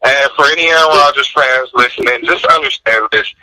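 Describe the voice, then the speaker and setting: A man's voice: medium pitch, brisk, pushed and bright, poor audio. A man co-hosting a radio talk show, joking and teasing his co-host in casual banter.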